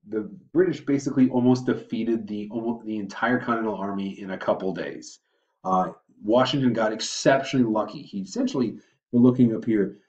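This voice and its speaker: A man's voice: lowish voice, a little mellow. Chatty male teacher, distant and echoey. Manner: chatty, self-correcting, uses asides and filler. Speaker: history teacher. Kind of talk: casual recorded review lesson. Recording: muffled roomy audio from afar.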